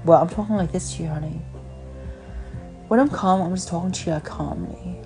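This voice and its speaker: A woman's voice: on the low side, brisk, mellow, faint music behind. A woman hosting a podcast, talking in a rambling, blunt casual chat over the phone and swearing freely. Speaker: podcast host.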